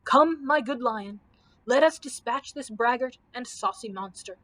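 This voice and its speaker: A woman's voice: a little high, unhurried, fairly bright tone. A woman voicing a proud, gallant male knight who speaks in archaic, stately phrases in a storybook reading.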